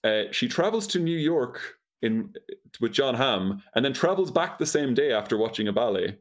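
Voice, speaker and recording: This co-host has a medium-pitched, animated voice at normal speed. He's chatting casually and comically, retelling a film with dry incredulity and frequent laughter.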